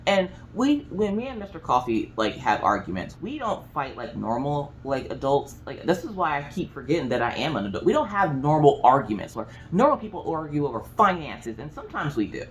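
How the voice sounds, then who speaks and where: A woman from the American South with a Southern accent, telling a story in a chatty, animated way, full of asides. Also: sits low, fairly quick, hardly any pauses, a little hiss or hum, poor audio. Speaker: craft vlogger. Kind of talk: casual storytelling chat.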